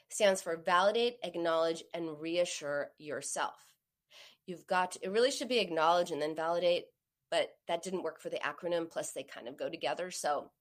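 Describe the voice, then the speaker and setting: A woman in her forties talks straight to her listener, giving warm, practical advice. She tells stories lively, often leaping up in pitch to act out what others said. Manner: animated storyteller, acts out quoted voices with sharp pitch jumps. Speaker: host giving advice on emotional eating. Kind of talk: direct-to-listener advice talk.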